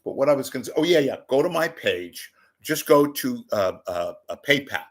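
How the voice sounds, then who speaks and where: A man's voice: medium pitch, big pitch swings, moderate pace. A man talking into the camera in a rambling, jokey commentary, swearing and drifting between asides. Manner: jokey, digressive, swearing, bursts into silly voices. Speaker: commentary vlogger. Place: home room with TV monitor behind.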